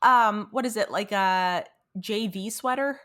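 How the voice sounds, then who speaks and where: A woman's voice: mid-range voice, unhurried, fairly bright tone. A young woman co-hosting a podcast, chatting casually about a cartoon episode and reading out quotes from her notes. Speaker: podcast co-host.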